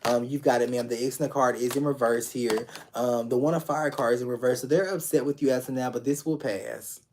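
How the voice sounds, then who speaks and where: This man does a live tarot reading for an online audience, chatting loosely and lovingly to his viewers while repeating himself and cursing casually. His medium-pitched voice is steady and a little mellow and moves fairly quickly, with slight background noise.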